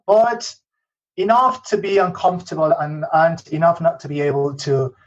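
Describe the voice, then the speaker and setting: A man's voice: on the high side, lively intonation, normal speed, muffled recording. Spanish-accented man telling stories. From Spain. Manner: peppers talk with "okay?" and "you know", frequent restarts. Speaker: podcast guest. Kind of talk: casual interview storytelling.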